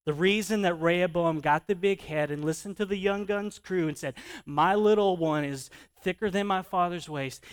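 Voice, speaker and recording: With a fairly high voice, this pastor keeps his sermon conversational and animated, frequently putting questions to his listeners.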